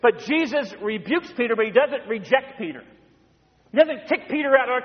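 A middle-aged male pastor delivers his sermon with a high, lively voice. He tells stories with animation and slips into quieter, hushed passages. The sound is dull and carries a long church reverb. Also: moderate pace. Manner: animated storytelling, acting out voices in bursts. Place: church sanctuary.

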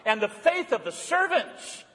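A man preaching a sermon as pastor, swinging from lively and playful to hushed and earnest. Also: very high voice, measured pace, in a large hall. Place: church.

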